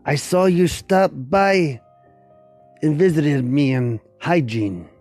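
A quirky oddball drawls out a crooning greeting, as a man puts him on. The voice sits a little high and moves very slowly, with faint music behind. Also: darkish tone. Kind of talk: comedic character voice message.

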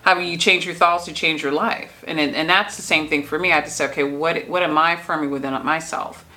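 A woman co-hosting a podcast in casual chat, an animated storyteller who acts out the voices she quotes. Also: sits low, a little fast, poor audio. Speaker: podcast co-host.

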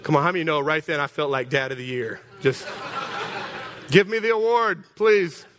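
A man preaching a storytelling sermon, animated, stumbling over repeated words and calling out to the congregation. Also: on the high side, normal speed, a crowd in the background. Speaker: pastor.

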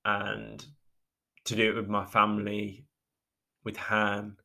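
Male podcast host, low voice, halting reflective monologue that keeps breaking off, near tears. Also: monotone, sharp tone. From England. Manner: halting, with many restarts and trailing pauses. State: emotional, close to tears.

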